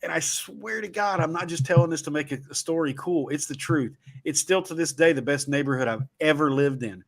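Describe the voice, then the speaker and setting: Folksy Southern Ohio man, slightly high. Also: brisk. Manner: folksy rambling storyteller. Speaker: show host. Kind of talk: casual livestream talk.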